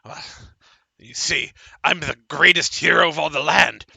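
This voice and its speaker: A man doing a boastful, stammering halfling with a gravelly edge. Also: fairly high pitch, sharp tone, no room sound, voice pushed up, full character voice. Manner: bragging, fast, stammering. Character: boastful, paranoid, excitable male halfling.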